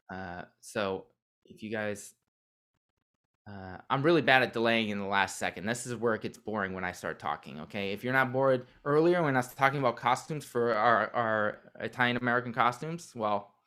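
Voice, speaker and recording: Man, podcast host, bright forceful voice, rambling casual chat, playful asides. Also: medium pitch. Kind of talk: casual pre-show livestream chat.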